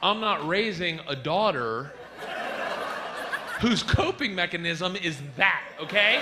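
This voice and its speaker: A man's voice: high-pitched, animated, slow pace, long pauses, noisy background. A man performing a stand-up comedy set on a club stage, telling stories and acting out other people's voices.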